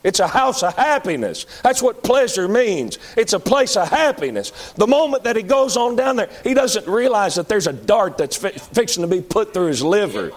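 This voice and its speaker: A man preaching a sermon, moving between loud high-pitched calls and low pleading appeals. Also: sing-song, normal speed, hardly any pauses.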